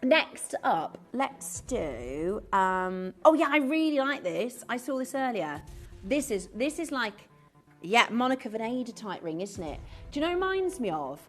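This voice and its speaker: A woman's voice: fairly high pitch, sing-song, a little slow, soft background music. A woman presenting on a live shopping channel in a chatty way, full of rhetorical questions. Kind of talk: live TV selling chat. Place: TV studio.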